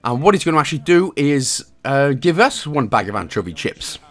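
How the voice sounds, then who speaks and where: Lively Welsh man guiding a game. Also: mid-range voice, fairly quick. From Wales. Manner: jokey, chuckling asides between instructions. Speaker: gaming guide host. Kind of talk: game walkthrough commentary.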